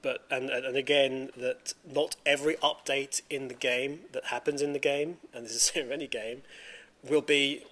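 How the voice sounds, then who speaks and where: A man's voice: medium pitch, fairly even intonation, moderate pace, fairly bright tone. A man hosting a casual podcast, rambling and restarting his sentences, laughing easily. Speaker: podcast host.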